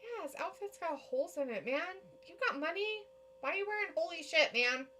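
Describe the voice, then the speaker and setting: A woman's voice: very high-pitched, lively intonation, brisk, sharp tone, a little hiss or hum. A woman co-hosting a casual live watch-along of a wrestling show, reacting, laughing and reading chat comments aloud.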